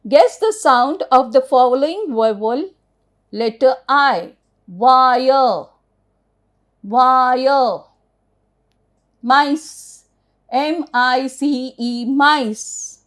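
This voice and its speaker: A middle-aged woman with an Indian accent teaching English phonics to children, spelling each word out letter by letter and answering her own questions. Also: high voice.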